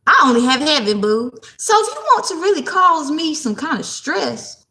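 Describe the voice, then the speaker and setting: A woman's voice: high voice, very animated, normal speed, bright, forceful tone. A woman in her thirties doing a casual spiritual tarot vlog, talking bluntly, defiantly and with plenty of swearing. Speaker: tarot card reader. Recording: echoey room.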